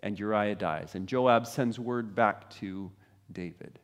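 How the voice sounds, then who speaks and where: A man preaching a sermon, telling a story dramatically and swinging from loud to hushed. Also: on the low side, slow pace. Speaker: pastor.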